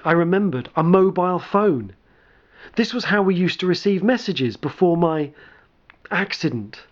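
A man's voice: a little high, a little mellow. Man narrating a dramatic story. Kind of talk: scripted first-person story narration. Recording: dull lo-fi recording.

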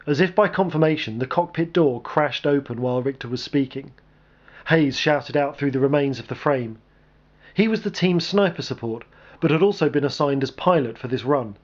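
A man's voice: mid-range voice, moderate pace. Man narrating a story on a dull recording.

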